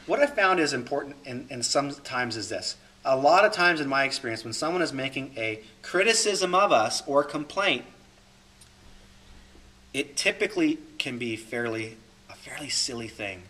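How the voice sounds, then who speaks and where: A male coach giving a class, his voice swinging widely up and down as he repeats his main points. The tone is bright and forward, and he works through example after example. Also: fairly high pitch, expressive, moderate pace. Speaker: holistic coach. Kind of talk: recorded class talk.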